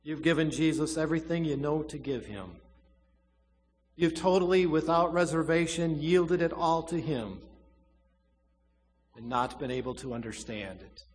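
A preacher delivers a sermon with dramatic swings, booming on some phrases and falling almost to a whisper on others, leaning hard on key words. His voice sits somewhat high for a man. A long reverb from the church hall trails each line. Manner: dramatic preaching, swells loud then drops to a hush, slow emphatic stresses.

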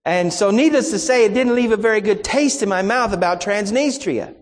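A man's voice: high voice, brisk, big-room sound. A man preaching a sermon, telling a personal story in a folksy, anecdotal way and acting out the exchanges.

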